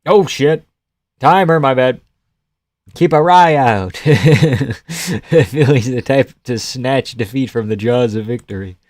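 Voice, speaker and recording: Young male streamer from Canada, rowdy live fight reactions, mid-pitched voice, dry close sound. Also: slow pace, no room sound. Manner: excitable, swearing, laughing, chatting with viewers. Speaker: livestream host.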